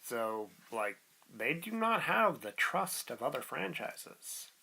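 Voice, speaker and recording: A man's voice: medium pitch, slow, gravelly, breathy edge, poor audio. A man co-hosting a podcast, skeptically arguing his points in casual chat. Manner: skeptical, argues his point with animated swings. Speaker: podcast co-host.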